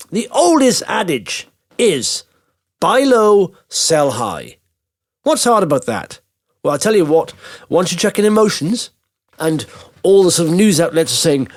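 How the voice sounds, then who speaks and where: A man talks through his podcast in a casual monologue. His pitch sits a little high and swings widely, and he pushes points home with emphasis and rhetorical questions. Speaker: podcast host.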